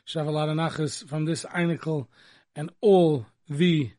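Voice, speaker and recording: Excitable high-voiced radio host, man. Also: unhurried. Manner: excitable, repeats words for emphasis. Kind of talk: casual radio chat.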